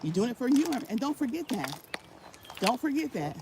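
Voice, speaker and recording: This woman's voice is on the high side with big pitch swings, at a moderate pace, as she walks laps and vlogs. She gives channel tips in casual motivational talk, emphatically repeating her points amid background noise.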